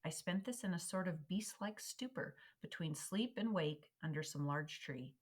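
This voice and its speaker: Woman reader, low voice, measured and expressive delivery of a historical memoir. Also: husky. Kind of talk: reading a historical memoir aloud.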